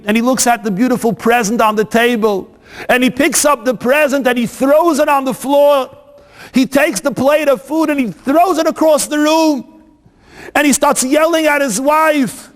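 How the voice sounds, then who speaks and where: High-voiced male preacher telling a story. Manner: dramatic, asks rhetorical questions. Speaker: rabbi. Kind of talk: sermon storytelling. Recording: long hall reverb.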